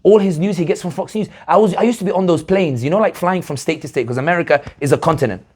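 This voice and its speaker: A political analyst speaking to an audience, telling stories and asking rhetorical questions in a lively, animated way. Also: male voice, fairly high pitch, fast. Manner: animated storyteller, acts out quoted voices, rhetorical questions. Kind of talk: speech to an audience.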